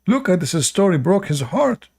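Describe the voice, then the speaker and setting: A man's voice: high voice, sing-song, moderate pace, vocal fry, darkish tone, breathy edge. A man giving sarcastic commentary while reading religious stories aloud, often laughing at them. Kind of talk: mocking commentary on religious texts.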